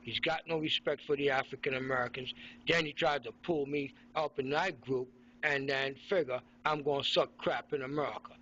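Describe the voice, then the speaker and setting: A man's voice: medium pitch, steady tone, normal speed, fairly bright tone, dull audio, slight background noise. A middle-aged man from Haiti, ranting sarcastically and combatively into his phone in an indoor room. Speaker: vlogger. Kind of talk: ranting selfie monologue.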